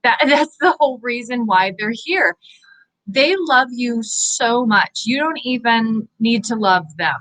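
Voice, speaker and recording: A Canadian woman, a psychic medium, giving an earnest, encouraging inspirational talk to viewers, animated and full of fillers. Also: on the high side, unhurried, low-quality recording. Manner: animated, gestures with her hands. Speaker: psychic medium hosting live angel readings.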